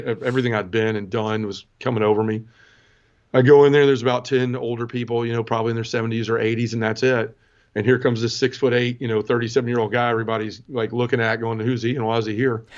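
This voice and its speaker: A man in his forties tells his conversion story as a podcast guest, earnest and emotional, often breaking off and restarting. He talks quickly at a middling pitch. The recording sounds dull and lo-fi. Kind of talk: personal testimony storytelling.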